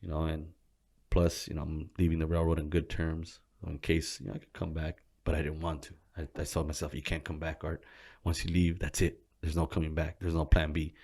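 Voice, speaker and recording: A man's voice: little pitch movement, fairly quick, darkish tone, slightly rough. A young man telling his life story in a casual interview, swearing freely and acting out the people he quotes. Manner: swears constantly, acts out quoted people with a raised voice; laughs while telling, drops to a low murmur when reflective.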